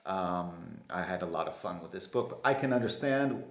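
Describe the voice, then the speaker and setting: A man's voice: sits low, expressive, normal speed. Man, book quiz host, casual and self-deprecating, echoey room. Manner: chatty, self-deprecating, playful asides. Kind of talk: casual quiz presentation to camera. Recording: roomy echo.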